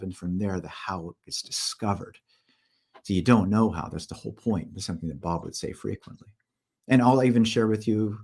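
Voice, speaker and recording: A man's voice: lowish voice, vocal fry, a little mellow. A man, the guest of an interview, telling stories in an earnest way, often repeating words and acting out what others said. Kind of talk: conversational storytelling interview.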